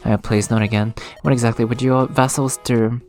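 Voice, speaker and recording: A man's voice: medium pitch, fairly even intonation, normal speed, darkish tone, soft background music, lightly acted. A man reading the lines of a wry, grumbling young male thief with a dry, sarcastic manner. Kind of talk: reading game dialogue aloud.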